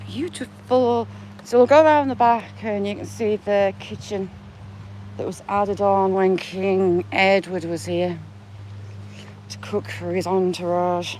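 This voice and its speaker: A woman rambles slowly and cheerfully through a churchyard on a walking vlog, reading gravestones aloud and joking as she goes. Her pitch sits in an ordinary middle range, and a faint outdoor hum runs underneath. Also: steady tone, darkish tone. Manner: chatty and playful, jokingly greeting the graves. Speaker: vlogger giving a walking tour. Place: outdoors in a churchyard among trees.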